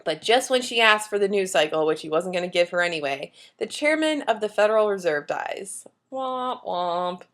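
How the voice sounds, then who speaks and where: A woman's voice: medium pitch, animated, a little fast, few pauses, a bit bright. A woman co-hosting a podcast, chatting casually and recapping an episode with playful jokes. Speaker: podcast co-host.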